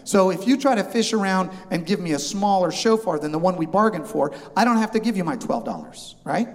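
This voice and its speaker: A man delivers a humorous sermon as a pastor, acting out a haggle with lively back-and-forth voices. His voice sits slightly high. The sound carries a long reverb, as in a large church. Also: a little fast. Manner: animated, acts out both sides of a haggle.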